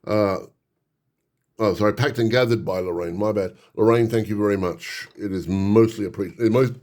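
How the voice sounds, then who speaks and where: A middle-aged man hosting a casual unboxing vlog, excitable and nostalgic, gushing with frequent exclamations. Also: on the low side, moderate pace. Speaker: hobby channel host.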